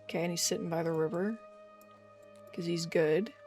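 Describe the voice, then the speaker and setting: A streamer reading a narrative game aloud and chatting between passages in an expressive, jokey way. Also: medium pitch, normal speed, soft background music.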